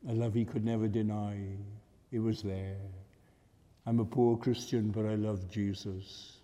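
Male preacher, sermon, slow and deliberate, dark mellow voice, fervent then hushed, long hall reverb. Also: lowish voice, level tone. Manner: earnest, swells to fervent emphasis then drops soft.

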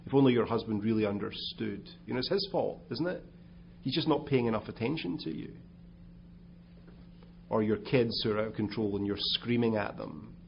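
A man's voice: medium pitch, moderate pace, vocal fry, long pauses, muffled recording, a little hiss or hum. A man giving a conversational sermon as pastor, with asides and restarts. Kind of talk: sermon talk.

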